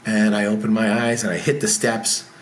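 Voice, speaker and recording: A man talking as an interview guest, telling his story in a loose, animated way. He is frank and swears without fuss. His delivery is casual and conversational. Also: fairly low pitch, moderate pace, a little hiss or hum. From military veteran. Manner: animated storyteller who acts out dialogue. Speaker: podcast guest, business founder.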